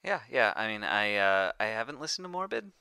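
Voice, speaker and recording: A man's voice: lowish voice, very animated, fairly quick, gravelly, pushed and bright, clean tone, no echo. A man co-hosting a casual book podcast, joking and bantering with his brother. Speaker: podcast co-host.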